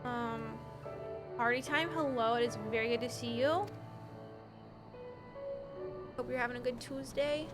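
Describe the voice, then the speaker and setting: Young woman game streamer, high voice, tired and chatty, giggles a lot. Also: moderate pace, music in the background. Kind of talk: casual live-stream chat.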